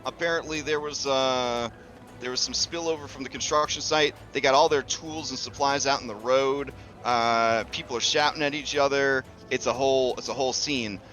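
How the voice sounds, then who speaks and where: A man narrating a tabletop game as game master, in a bright, forceful voice of middle pitch. He talks in a loose, chatty way, full of fillers and the odd curse. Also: fairly even intonation, normal speed, faint music behind.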